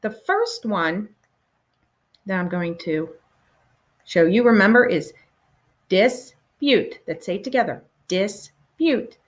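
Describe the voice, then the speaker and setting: A woman teacher leading a recorded phonics lesson for children, patient and encouraging, pausing for answers. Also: medium pitch, lively intonation.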